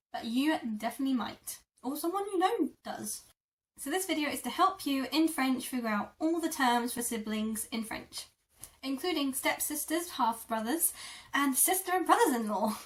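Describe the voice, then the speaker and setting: A woman teaching French vocabulary in a lesson video, repeating words slowly syllable by syllable. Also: high voice, a bit bright, recorded from a distance. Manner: slow, drawn-out repetition of words. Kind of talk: language lesson.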